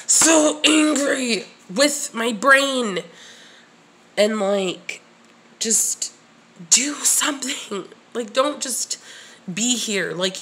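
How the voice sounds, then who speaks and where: A woman's voice: mid-range voice, fairly bright tone. A woman recording her first vlog at her desk, nervous and shaky, rambling with restarts and whispered asides to herself. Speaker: channel creator. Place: home room at a desk. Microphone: at her desk facing camera.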